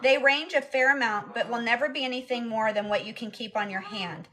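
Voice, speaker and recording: A woman's voice: on the high side, brisk, a bit bright. A young woman chatting casually on a live stream, cooing baby talk to her pet bird between answers to comments. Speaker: parrot owner live streamer.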